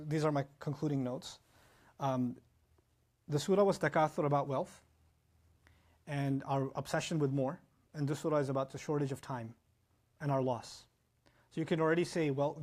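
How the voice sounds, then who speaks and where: A man giving an animated Quran lecture as an Islamic teacher, reciting Arabic verses between explanations. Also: on the high side. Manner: animated, fast-talking, mixes in Arabic recitation.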